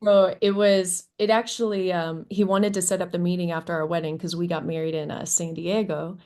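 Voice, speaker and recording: A woman from Kentucky, a guest musician, telling stories in a casual interview, animated and laughing often as she acts out quotes. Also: fairly low pitch, brisk. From Kentucky, USA. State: hoarse.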